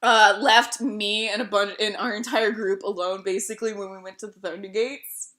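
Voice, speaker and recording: A young woman streamer telling stories in casual chat, animated and laughing, swearing freely. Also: mid-range voice, moderate pace.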